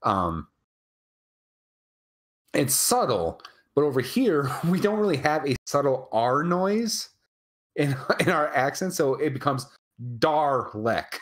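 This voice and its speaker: Rambling American man, lively pitch. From United States. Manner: rambling, halting with many restarts. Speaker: co-host. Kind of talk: casual chat.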